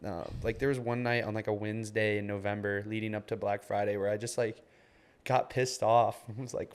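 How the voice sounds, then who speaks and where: A man's voice: fairly low pitch, flat delivery, brisk, slight background noise. A man in his twenties co-hosting a podcast, chatting casually and loosely, with lots of "like" and "man". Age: 20s. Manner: loose and rambling, heavy on "like" and "man". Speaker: podcast co-host. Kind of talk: casual chat.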